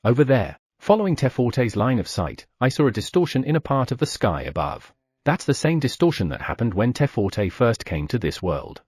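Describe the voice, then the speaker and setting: A man narrating a fantasy audiobook in first person, giving the other characters small shifts of pitch. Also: big pitch swings, moderate pace, darkish tone, slightly rough, dry recording.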